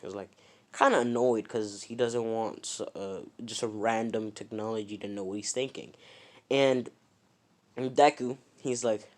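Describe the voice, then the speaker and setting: A man's voice: lowish voice, steady tone, a little slow, darkish tone. Rambling young man telling a fan story. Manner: rambling, many restarts and self-corrections. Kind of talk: casual improvised story narration.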